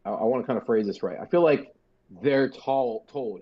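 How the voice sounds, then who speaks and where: A man's voice: medium pitch, animated, brisk, mellow, breathy edge, muffled recording. A man co-hosting a sports podcast, talking casually with a profane, joking, rambling manner. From United States. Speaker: podcast co-host.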